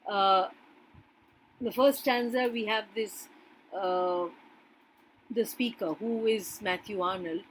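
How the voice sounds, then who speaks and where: A woman's voice: mid-range voice, slow pace, long pauses, slight background noise, low-quality recording. A woman literature teacher lecturing a class on a poem, often stopping to check in with "yes" and "right", with some hesitant restarts.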